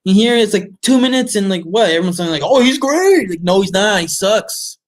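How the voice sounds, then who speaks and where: A man with a slightly higher voice than most reviews a movie in a loose, off-the-cuff way. He is blunt and exasperated and swears freely as he picks the film apart. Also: brisk. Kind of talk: casual ranting film review.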